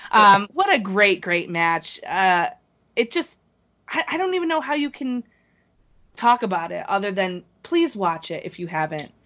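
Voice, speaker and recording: A woman's voice: mid-range voice, sing-song, unhurried, a bit bright. A woman hosting a podcast, chatting casually and gushing with enthusiasm. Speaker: podcast host. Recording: muffled lo-fi podcast audio.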